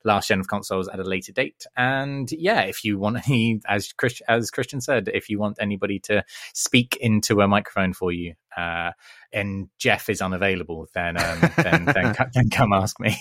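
A man's voice: lowish voice, moderate pace, fairly bright tone, no echo, clean studio sound. A man who is a voice actor, guest on a casual podcast, bantering playfully and joking at his own expense. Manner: playful, self-mocking banter.

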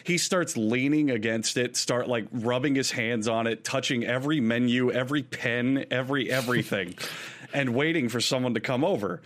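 A man's voice: medium pitch, moderate pace, fairly bright tone. A man co-hosting a casual podcast, telling a long story in a rambling, laid-back way with fillers and laughs. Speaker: podcast co-host.

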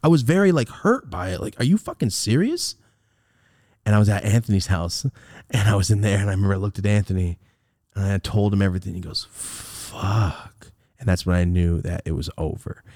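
Lively young man, low voice, dry sound. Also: fast, no room sound. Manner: animated, swearing, laughing, acts out quoted lines. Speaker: podcast host. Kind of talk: casual storytelling.

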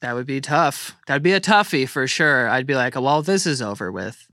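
Young man, guest co-host, bright forceful voice, blunt jokes, swears a lot, dry sound. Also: mid-range voice, expressive, moderate pace, no room sound. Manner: joking, swears freely, blunt. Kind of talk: casual podcast chat.

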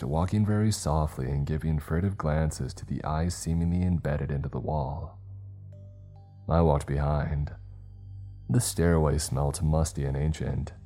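A man narrating a scary story in a slow, measured, grave delivery. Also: a bass voice, dark tone. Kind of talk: scripted horror story narration.

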